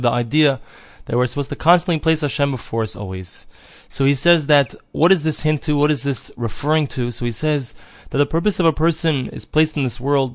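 A man's voice: mid-range voice, no echo. A man teaching an earnest religious lesson, telling stories and acting out voices. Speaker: Torah teacher. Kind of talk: recorded religious lesson with storytelling.

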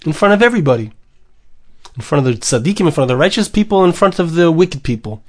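A man's voice: on the high side, big pitch swings, fast talker, darkish tone. Emphatic man giving a Torah lecture. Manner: mixes Hebrew and Aramaic phrases, repeats words, emphatic. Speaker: rabbi teaching Torah.

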